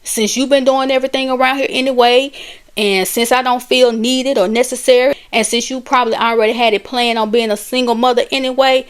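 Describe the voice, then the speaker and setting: A woman's voice: a little high, steady tone, a little fast, smooth, close to an everyday voice. A woman voicing an angry, cruel drunken husband as she retells a story, curt and blunt. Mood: cold.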